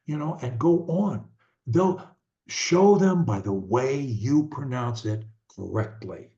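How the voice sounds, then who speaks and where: Slow, deliberate older man coaching parents. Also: mid-range voice, lively intonation, dark tone. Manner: slow, deliberate, halting with restarts. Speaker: stuttering coach. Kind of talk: advice talk to parents. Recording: dull lo-fi sound.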